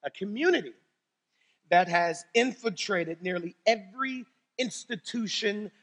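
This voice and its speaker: A man preaching a sermon as pastor, telling stories animatedly, swinging between loud exclamations and low serious tones. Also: a little slow, long reverb tail. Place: church sanctuary.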